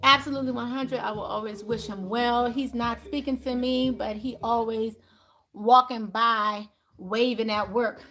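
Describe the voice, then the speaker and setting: A woman hosting a spiritual livestream, talking casually and bluntly, animated and profane. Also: fairly high pitch, normal speed.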